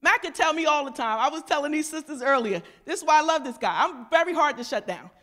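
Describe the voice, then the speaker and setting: A woman pastor, preaching a lively, casual sermon. She talks with the congregation, mimics voices and moves between loud emphatic shouts and quiet asides. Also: high-pitched, fast talker.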